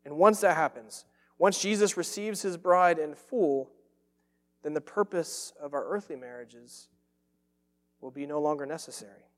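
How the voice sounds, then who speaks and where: A pastor delivers a sermon in an earnest, emphatic, unhurried style, repeating phrases to hammer home each point. His voice is a little high for a man and trails off in long reverb, as though he's in a large sanctuary.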